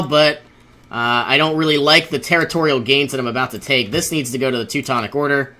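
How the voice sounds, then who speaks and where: A man's voice: mid-range voice, fairly even intonation, brisk, sharp tone. A young man giving casual commentary over his own strategy game, thinking aloud, often exasperated and laughing. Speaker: let's play host.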